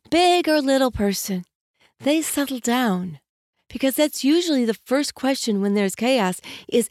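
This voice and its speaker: Earnest woman coaching in a gentle tone. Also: high voice, lively intonation, measured pace, no echo, clean studio sound. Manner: gentle, earnest, coaching; varies her tone on purpose. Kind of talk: spoken self-help lesson.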